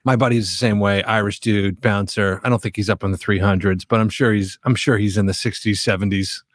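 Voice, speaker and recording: A man's voice: on the low side, steady tone, a little fast, no room sound. A man hosting a podcast, chatting casually, swearing and agreeing readily. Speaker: podcast host.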